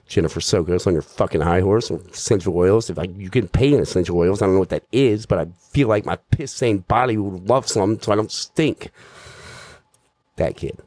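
A man with a deep, low voice delivers a stand-up comedy story, rambling and swearing nearly every line. He mocks himself as he goes. The sound is close and dry with no room echo. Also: a little fast, a little mellow. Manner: rambling, swears constantly, self-mocking.

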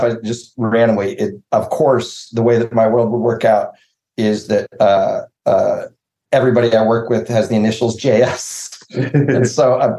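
A man's voice: fairly low pitch, mellow, echoey room, poor audio. A man on a video call interview, telling rambling joking stories about making his show. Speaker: series co-creator.

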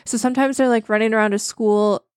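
A woman's voice: fairly high pitch, steady tone, quick pace, darkish tone, smooth, dry recording, studio quality. A woman co-hosting a casual gaming podcast, chatty and candid, often laughing at herself. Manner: chatty, self-deprecating, candid. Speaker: podcast co-host. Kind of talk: casual chat.

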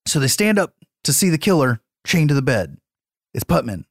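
A man retells a movie's plot on a podcast, swearing freely and laughing between lines. His pitch swings widely as he acts out moments. The sound is dry and close. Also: normal speed, dry recording. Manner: profane, laughing, animated storytelling. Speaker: podcast host. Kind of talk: casual movie recap.

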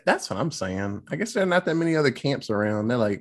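Husky podcast host, lively swooping voice, casual and profane. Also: mid-range voice, quick pace. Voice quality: profane, animated storytelling. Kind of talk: casual movie review chat.

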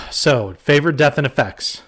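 A man's voice: a little high, animated, normal speed, fairly bright tone, breathy edge. A man co-hosting a casual horror movie review podcast, talking in a heated, ranting way with swearing and lots of fillers. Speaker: podcast co-host.

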